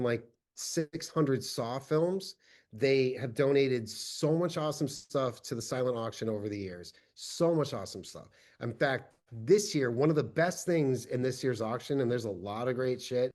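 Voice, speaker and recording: A man's voice: mid-range voice, a little mellow. A man hosting a podcast, introducing his guests with enthusiasm. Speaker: podcast host.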